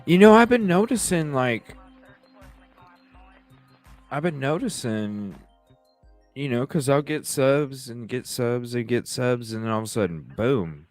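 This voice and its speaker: A man's voice: medium pitch, slow, long pauses, darkish tone, soft background music. A man hosting a live call-in talk stream, chatting casually with viewers, rambling, swearing freely and laughing often.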